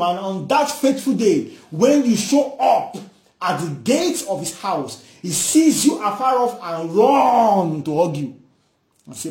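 In a high, darkish voice at a moderate pace, a man delivers a fervent, animated sermon in a reverberant space. He repeats phrases and acts out the voices of characters in scripture stories.

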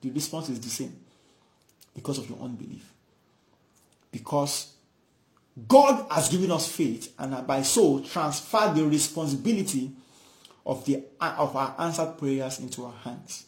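A man's voice: fairly high pitch, expressive, unhurried, echoey room. A man preaching a fervent sermon, repeating phrases and acting out the voices in scripture stories. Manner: fervent, repetitive, acts out dialogue.

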